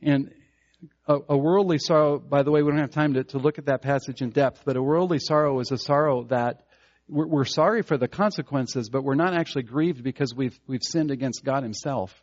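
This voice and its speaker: A man preaching a sermon in an earnest way, stumbling over restarts and rising to loud fervor as he builds his points. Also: mid-range voice, brisk, muffled recording.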